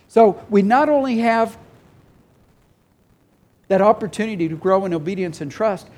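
A man's voice: sits high, animated, moderate pace, pauses often, darkish tone. A man preaching a sermon as a pastor, earnest and emotional, at times tearful, repeating phrases for emphasis. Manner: emphatic repetition, voices God and people in quotes.

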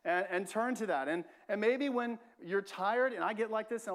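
High-voiced pastor preaching a conversational sermon. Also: male voice, moderate pace, few pauses. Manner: conversational, repeats himself, frequent "right?" asides. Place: church.

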